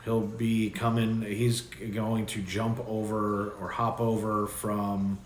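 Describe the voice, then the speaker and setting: A man's voice: fairly low pitch, little pitch movement, slow. A man hosting a livestream, chatting casually and rambling with loose restarts. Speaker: livestream host. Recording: echoey room with faint background noise.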